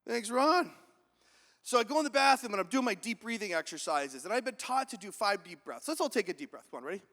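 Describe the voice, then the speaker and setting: A man giving a high-energy motivational keynote to a live audience, telling stories, acting out the voices of others and asking the crowd questions. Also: big pitch swings, fast talker, sharp tone. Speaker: keynote speaker. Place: large event hall with audience. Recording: echoey hall.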